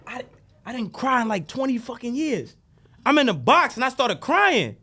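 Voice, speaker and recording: Animated man preaching in casual talk. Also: very high voice, moderate pace. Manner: preachy, animated, profane storytelling. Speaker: podcast guest. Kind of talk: casual podcast conversation.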